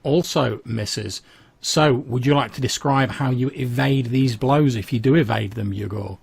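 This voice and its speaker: A man narrating a tabletop role-playing session as game master, describing the action in a measured way. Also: mid-range voice, vocal fry, husky.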